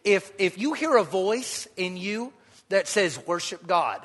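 A man pastor preaching a sermon, calling on the congregation to answer and swinging from loud exhortation to quiet storytelling. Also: high voice, animated, unhurried, husky, long reverb tail.

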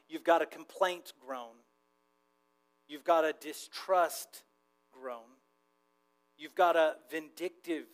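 A male pastor preaching a sermon, moving between hushed asides and loud emphatic build-ups. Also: a little high, low-quality recording.

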